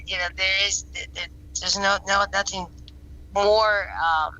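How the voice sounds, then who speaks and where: A woman with a bright, forceful voice speaks as a guest on an interview show. She tells her experiences in an earnest, rambling way. She often restarts her sentences and repeats words as she goes. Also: mid-range voice, little pitch movement, unhurried, poor audio. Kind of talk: casual spoken storytelling.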